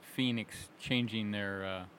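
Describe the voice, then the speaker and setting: A man chatting on a panel, animated and quick to laugh, often restarting his sentences. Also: on the low side, a little hiss or hum. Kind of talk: casual panel chat.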